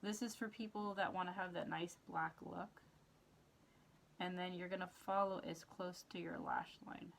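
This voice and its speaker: A woman's voice: on the low side, steady tone, moderate pace, gravelly, slight background noise. Chatty woman talking through a makeup demo. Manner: chatty, talks through each step as she works. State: eyes watering. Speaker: makeup tutorial host. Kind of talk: casual how-to demonstration.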